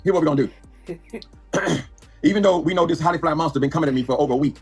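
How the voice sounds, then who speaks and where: A man's voice: on the high side, fast talker, darkish tone, husky, faint music behind. An older man commenting in a reaction video with a sassy, preacher-like delivery. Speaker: YouTube commentator.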